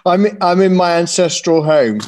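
A man's voice: high voice, a little slow, a little mellow. A man, a panelist, joining a video call from a hotel and joking.

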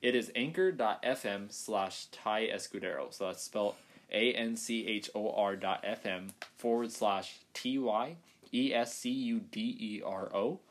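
A man's voice: fairly low pitch, a little slow. Rambling, playful young man hosting. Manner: rambling and playful, with frequent fillers and laughter. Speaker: podcast host. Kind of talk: casual chat.

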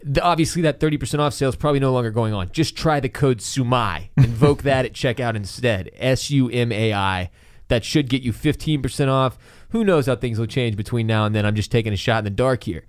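A man's voice: medium pitch, fairly quick, no room sound. A man hosting a podcast from a studio, chatting casually and reading ads in a loose, joking, profane way. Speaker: podcast host. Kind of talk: casual podcast chat and ad read.

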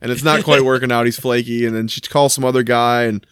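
A man chatting casually as co-host, retelling a sitcom episode and jumping into high voices for the characters. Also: steady tone, quick pace, fairly bright tone, clear, resonant tone, no echo, studio quality.

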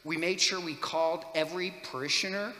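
A man's voice: fairly high pitch, fairly quick, pushed and bright. A man giving a homily as a priest, telling stories in a chatty, joking way with many fillers. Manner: chatty, jokey, lots of fillers. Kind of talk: homily with storytelling. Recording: echoey church hall.

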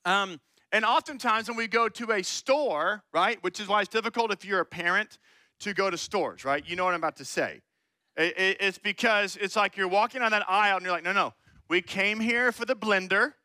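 High, bright-voiced male preacher. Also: fairly quick, no echo. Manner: conversational preaching, playful, acting out voices. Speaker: pastor. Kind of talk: sermon.

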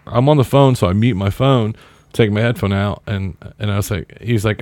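A man's voice: lowish voice, brisk, darkish tone, dry recording. A man in his thirties co-hosting a casual podcast, telling a long story in a laid-back, wry way and acting out what others said. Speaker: podcast co-host.

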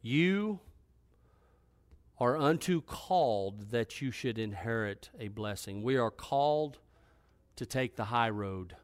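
Man, pastor, sermon, scripture reading, emphatic, rising pitch when exhorting, dry close sound. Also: a little slow, no echo.

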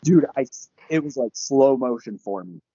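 A young man, a podcast guest, telling a casual story in an animated, profane way and laughing often. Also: medium pitch, moderate pace, breathy edge, no echo. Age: young adult. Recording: dull, lo-fi podcast audio.

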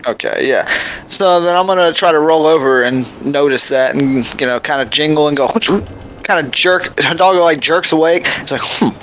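A man's voice: on the high side, moderate pace, fairly bright tone, a little hiss or hum. Chatty male tabletop player. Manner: laughs often, chatty. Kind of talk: casual tabletop game chat.

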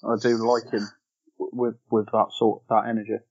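A man's voice: fairly low pitch, little pitch movement, normal speed, slightly rough. A man co-hosting a podcast, talking casually about films in a rambling, hesitant way with many ums. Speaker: podcast co-host. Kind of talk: casual film discussion. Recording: dull lo-fi podcast audio.

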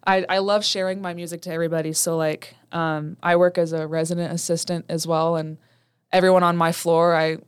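A woman's voice: fairly low pitch, flat delivery, brisk, smooth, dry recording, studio quality. A young woman co-hosting a student radio podcast, chatting casually and laughing often. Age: young adult.

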